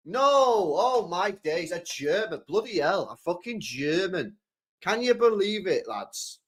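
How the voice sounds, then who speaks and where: A man's voice: high-pitched, lively intonation, measured pace, bright, forceful tone. A young man chatting casually on a football stream, exasperated, swearing often and laughing.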